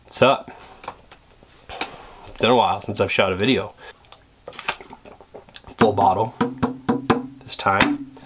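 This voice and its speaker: A man's voice: fairly low pitch, takes it slowly, pauses often, music in the background. A man vlogging in a casual, rambling, self-deprecating way, chuckling as he talks. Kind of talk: casual chat to camera.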